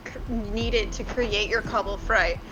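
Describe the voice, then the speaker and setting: A woman's voice: medium pitch, a little slow. A woman playing a tabletop game who asks questions and stumbles over her words. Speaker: player. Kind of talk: casual tabletop play. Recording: muffled mic with faint noise.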